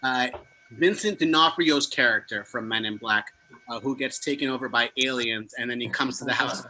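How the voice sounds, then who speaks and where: A young man doing a stand-up comedy set with deadpan delivery and sudden loud punches of emphasis. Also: medium pitch. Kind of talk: stand-up set over a video stream.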